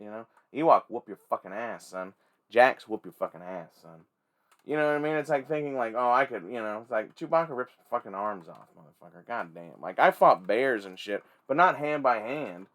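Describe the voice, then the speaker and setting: A man hosting a casual toy-collecting vlog, rambling and swearing freely with excitable energy. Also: on the low side. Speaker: toy collector and channel host.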